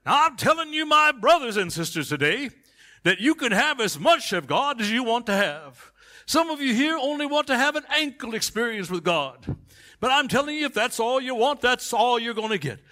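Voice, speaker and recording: A fiery old-time Pentecostal preacher, as a man puts him on thunders from the pulpit in a rolling, sing-song cadence. The voice sits high and sharp, with a bright, forceful edge. He stretches his phrases out for effect. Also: big pitch swings, moderate pace, full character voice. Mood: fired up.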